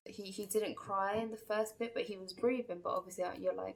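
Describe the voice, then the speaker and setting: A woman's voice: mid-range voice, steady tone, fairly quick, gravelly. A woman telling a personal story in a casual, chatty vlog, full of fillers and acted-out quotes. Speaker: vlogger.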